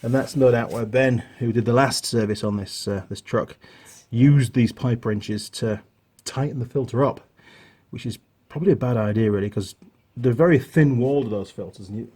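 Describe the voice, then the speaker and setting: Husky-voiced chatty mechanic, a middle-aged man. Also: mid-range voice, normal speed, darkish tone. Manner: chatty, digressing, self-deprecating. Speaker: mechanic host. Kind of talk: casual workshop tutorial. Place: home workshop.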